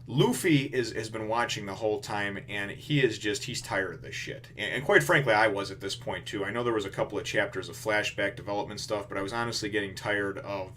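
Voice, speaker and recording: A man's voice: lowish voice, fairly quick, few pauses, a bit bright, slight background noise. A man reviewing a comic chapter in casual, rambling commentary, full of restarts and "you know".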